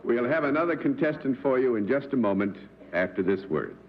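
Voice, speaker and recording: A man's voice: mid-range voice, lively intonation, brisk. A man hosting a live TV game show, formal and genial. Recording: dull old TV broadcast with faint hiss.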